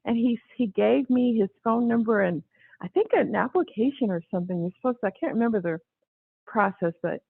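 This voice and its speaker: A woman guest telling a story in casual conversation, with an animated way of talking. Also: a little high, brisk, gravelly, breathy edge, no room sound. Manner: animated, acts out quoted voices. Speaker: interview guest. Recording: tinny phone-line sound, dry.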